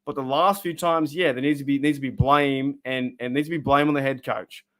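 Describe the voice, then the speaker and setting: An Australian man streaming from his room, ranting bluntly about his team, his voice rising loud and dropping to a mutter. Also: mid-range voice, steady tone, fairly quick. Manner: fired-up, blunt, swings between loud and muttered. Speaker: sports fan streamer. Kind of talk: emotional live-stream rant.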